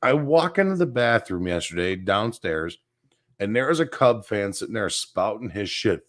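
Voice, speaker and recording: A man co-hosting a casual sports talk show, telling profane, animated stories as a Cub fan. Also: on the low side, normal speed.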